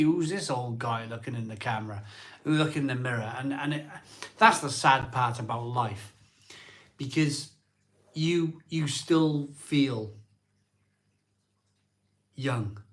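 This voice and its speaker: A man in his forties hosting a live stream, talking slowly and emotionally with many ums and restarts. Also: medium pitch, fairly bright tone. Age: 40s. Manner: slow, halting, full of ums and restarts. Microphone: phone.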